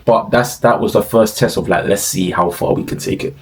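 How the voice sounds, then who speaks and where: A young man holds forth in loose, street-slangy commentary, swearing and exclaiming as he goes. His voice sits slightly low. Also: fairly quick, poor audio. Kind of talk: casual ranting commentary.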